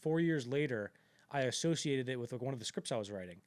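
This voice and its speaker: A man's voice: mid-range voice, expressive, quick pace, no echo. Rambling man on a dry podcast mic. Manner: rambling, many fillers and restarts, acts out quotes. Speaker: podcast co-host. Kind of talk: casual film discussion.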